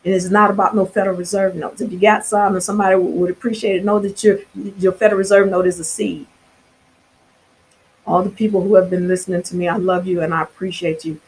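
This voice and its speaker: A woman's voice: fairly low pitch, flat delivery, fast, a little mellow, poor audio. A woman vlogger delivering an impassioned spiritual monologue to her viewers, fervent and preachy, with casual slang and frequent restarts.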